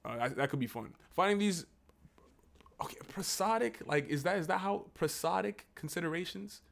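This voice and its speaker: A man on a casual livestream, reading text aloud haltingly and breaking off into slangy, profane asides. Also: high voice, expressive, vocal fry. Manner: reads text aloud haltingly, then riffs on it.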